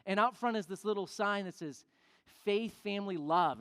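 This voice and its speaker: A pastor preaching a sermon as an animated storyteller who acts out the people in the story. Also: mid-range voice, brisk. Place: church sanctuary. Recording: long church reverb.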